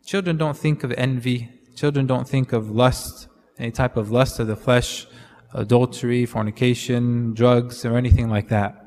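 A man delivers a sermon in a loose, conversational way, sprinkling Arabic fillers between his points. His voice sits at an ordinary middle pitch. It rings out with a long reverb, as if in a church hall. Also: steady tone, normal speed, a little mellow. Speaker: preacher.

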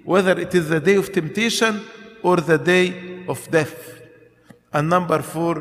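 A man preaching a sermon slowly and emphatically, counting off his points and asking rhetorical questions. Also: high-pitched, fairly bright tone. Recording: long hall reverb.

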